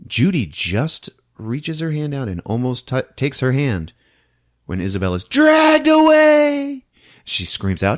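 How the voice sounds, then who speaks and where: Low-voiced man recapping a movie. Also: measured pace. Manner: animated, laughing often, acting out scenes. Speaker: podcast host.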